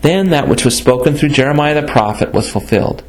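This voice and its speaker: A man reading scripture aloud in a steady, plain manner, now and then stumbling over a word and correcting himself. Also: fairly high pitch, fairly quick, rough recording.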